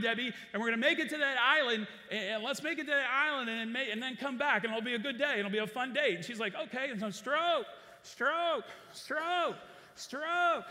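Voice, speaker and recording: A man's voice: very high-pitched, sharp tone, long reverb tail. A man preaching a sermon, telling a story with energy and calling on the congregation to respond. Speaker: pastor.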